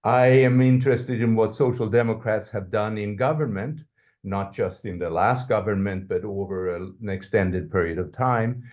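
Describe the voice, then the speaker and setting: A man's voice: fairly low pitch, normal speed. Hedging, thoughtful male professor, lo-fi. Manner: thoughtful, hedging, restarts sentences. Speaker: professor, podcast guest. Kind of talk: academic interview answer.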